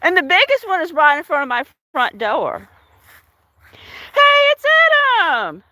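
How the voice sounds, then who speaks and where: Lively high-voiced woman streaming outdoors. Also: brisk, no echo. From Washington state. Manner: chatty, greets viewers by name, laughs often. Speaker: live streamer. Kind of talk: casual live-stream chat. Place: outdoors in a storm-damaged yard.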